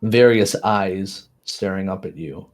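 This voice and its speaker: Man game master, fairly low voice, halting, filler-heavy narration. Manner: halting, many fillers and restarts.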